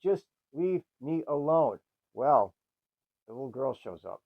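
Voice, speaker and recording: On a podcast, a man casually recaps an old film's plot, acting out the characters' lines, swearing freely and repeating a stock phrase. His medium-pitched voice is sing-song, slow and a bit breathy, heard through narrow, tinny audio.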